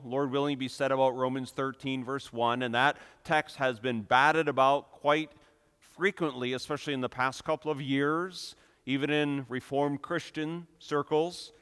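A man preaching a sermon with emphatic delivery, building to loud, impassioned peaks. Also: mid-range voice, fairly even intonation, moderate pace, clear, resonant tone. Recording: long reverb of a hall.

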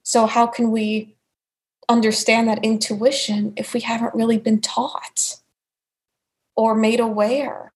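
A woman's voice: fairly high pitch, little pitch movement, slow pace, poor audio. A woman with a New York accent, a naturopathic doctor explaining her work as an interview guest, peppering her talk with "you know". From United States. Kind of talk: conversational interview answers.

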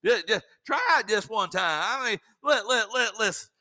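A man's voice: sits high, lively intonation, moderate pace, bright, forceful tone. A man preaching a sermon in a fervent, exhorting way with folksy asides.

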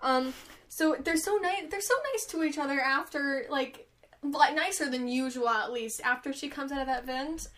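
High-voiced, excitable young woman. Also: moderate pace, slight background noise. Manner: excitable, gushing. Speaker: podcast co-host. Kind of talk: casual chat.

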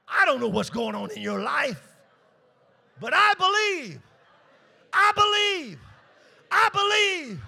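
High-voiced pastor preaching with rising shouts. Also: male voice, gravelly, husky. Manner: drops to hushed low asides between shouted peaks. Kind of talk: sermon.

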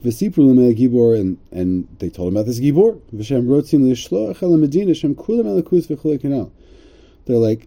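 A man's voice: mid-range voice, big pitch swings, brisk, warm tone. A man teaching a religious story, reading Hebrew lines and retelling them in casual English with jokey asides. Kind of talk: translating and explaining a story aloud.

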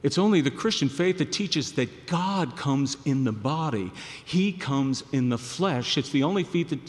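A male pastor preaching a sermon, swelling to loud emphatic peaks and then dropping low and quiet. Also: lively intonation, unhurried, hardly any pauses, long reverb tail.

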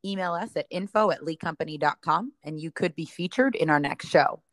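A woman hosting a company podcast, asking friendly, brisk questions. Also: low voice, no room sound, studio quality. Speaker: podcast host. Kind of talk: casual interview hosting.

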